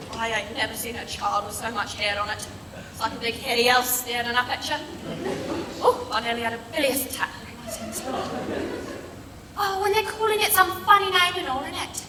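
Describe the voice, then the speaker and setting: A woman's voice: high voice, normal speed, natural voice. A woman playing a tactless old grandmother in a stage comedy sketch, nagging, repeating herself and throwing blunt insults. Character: cheeky rude old London grandmother, gossiping and tactless. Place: stage in a large hall. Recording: echoey hall, distant mic, noisy.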